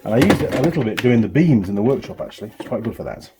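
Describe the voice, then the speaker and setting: Heavy background noise surrounds a middle-aged British man speaking very fast in a lowish voice with big swings in pitch. He's a workshop YouTuber and mechanic casually touring his home workshop tools, rambling and self-correcting.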